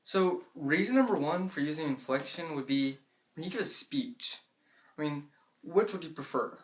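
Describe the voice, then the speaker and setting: A young man giving casual advice in a vlog. He admits he tends to speak in a monotone, and he fills his talk with "I mean" and "like". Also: fairly high pitch, moderate pace. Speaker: vlogger giving tips.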